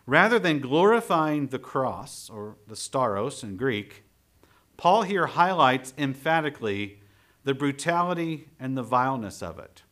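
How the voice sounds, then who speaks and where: A man preaching a sermon, reading scripture and commentary aloud in a measured, emphatic way. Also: medium pitch, big pitch swings, fairly bright tone. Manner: measured, emphatic delivery, reads passages aloud.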